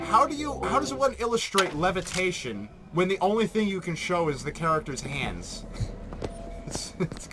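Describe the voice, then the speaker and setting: A man's voice: sits high, big pitch swings, normal speed, music in the background. Rambling, profane man doing game commentary. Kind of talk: Let's Play commentary.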